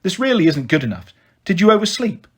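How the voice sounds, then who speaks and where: A scornful schoolteacher woman snaps at a pupil in a sharp, scolding way, put on by a man reading a children's book. Her voice sits high and sounds breathy. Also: sing-song, brisk, heavily acted. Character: stern scornful female schoolteacher.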